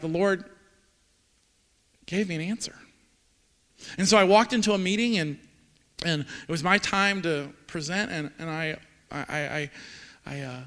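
A man in his forties preaches a sermon in a church sanctuary, his voice sitting high for a man. He speaks earnestly, sometimes halting and repeating words as he goes. A long reverb from the hall trails after each phrase. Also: pushed and bright. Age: 40s. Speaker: pastor.

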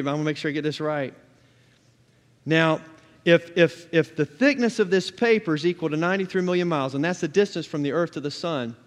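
A man's voice: fairly high pitch, in a large hall. A man preaching a sermon as a pastor, emphatic, with repeated refrains and scripture read aloud.

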